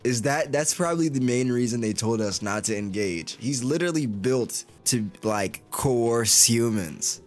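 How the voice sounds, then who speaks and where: A man in his own casual voice, commenting on a game as he plays it. He jokes, rambles and swears freely, and his voice stays at an average pitch for a man. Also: lively intonation, moderate pace, few pauses, soft background music. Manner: joking, profane, rambling. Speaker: gaming content creator.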